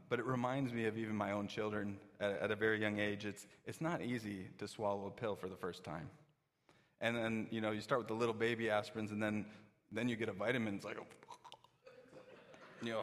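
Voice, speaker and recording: A male preacher gives a sermon in a relaxed, talky style, slipping into little acted-out voices of the crowd. His voice sits a bit low, and a long hall reverb trails after his words. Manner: conversational, acts out quoted listeners.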